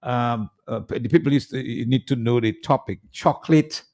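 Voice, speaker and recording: A man's voice: medium pitch, moderate pace, a little mellow. A man hosting a radio interview, asking questions with many hesitant "um" and "uh" fillers. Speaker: radio show host. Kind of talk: interviewing a guest.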